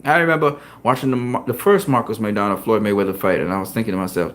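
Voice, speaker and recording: A man hosting a boxing talk show, telling gym stories in a casual, profane, animated way and laughing often. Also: on the low side, fast. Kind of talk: casual chat.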